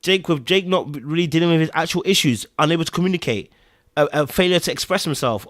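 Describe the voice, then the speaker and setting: A man hosting a casual TV recap, animated and repeating phrases for emphasis. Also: fairly high pitch, fast talker, dry recording, clean studio sound. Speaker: TV recap podcast host.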